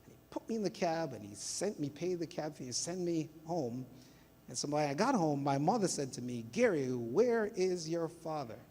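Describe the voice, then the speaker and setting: A middle-aged man from Jamaica preaching a sermon as pastor, telling stories in an animated way and acting out family members' voices. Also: fairly high pitch, normal speed. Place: church sanctuary. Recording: long church hall reverb.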